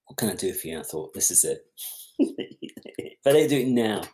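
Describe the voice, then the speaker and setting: A man's voice: lowish voice, normal speed. A middle-aged man, a film director and podcast guest, telling a long anecdote and acting out other people's lines as he goes. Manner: lively storyteller who acts out other people's lines. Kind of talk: anecdotal storytelling in conversation.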